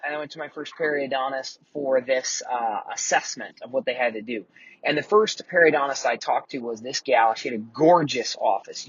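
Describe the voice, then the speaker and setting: A man's voice: mid-range voice, a bit bright, slightly rough, dry recording, highs cut off. A man in his forties hosting a casual mentoring talk, telling a personal story in a candid, profane way. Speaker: host.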